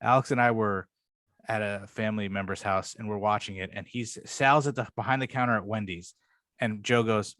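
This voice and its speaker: A man co-hosting a casual podcast chat, rambling and swearing freely, sometimes jumping higher to act out quotes. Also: fairly even intonation, normal speed, fairly bright tone, no echo, clean studio sound. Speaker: podcast co-host.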